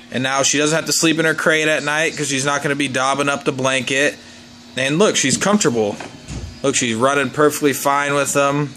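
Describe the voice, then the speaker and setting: A young man chatting casually in a home vlog, joking and talking to his pets in a high excited voice. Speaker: vlogger.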